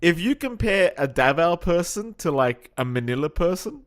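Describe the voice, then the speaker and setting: Male esports caster from Australia, slightly higher voice, blunt and animated in casual banter. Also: moderate pace. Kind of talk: casual chat between casters.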